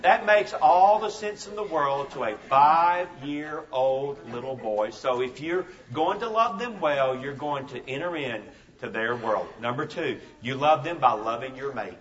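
In a dull, lo-fi sermon recording made from a distance, a pastor in his fifties speaks with a medium-pitched, fairly bright, expressive voice. His pace is a little slow yet he hardly pauses, telling stories emphatically and repeating his main lines.

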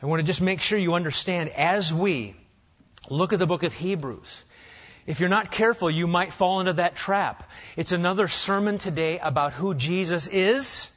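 A man's voice: high voice, normal speed, fairly bright tone, highs cut off. An older man from Nebraska preaching a sermon, firing off rhetorical questions with dry humor. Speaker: pastor.

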